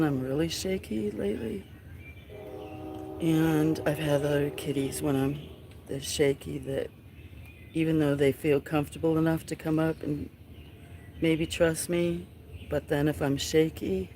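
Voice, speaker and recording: Soft-spoken livestream host cooing to a kitten. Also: mid-range voice, fairly even intonation, a little slow, noisy background. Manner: soft baby talk to a kitten, often dropping to a whisper. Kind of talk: casual live stream chat.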